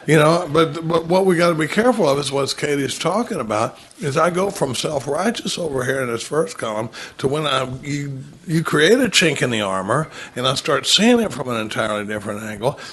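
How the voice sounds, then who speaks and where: A man's voice: mid-range voice, fairly quick, slight background noise. A man giving a recovery talk, telling stories and acting out what others said. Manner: storytelling, animated when quoting others. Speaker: recovery speaker.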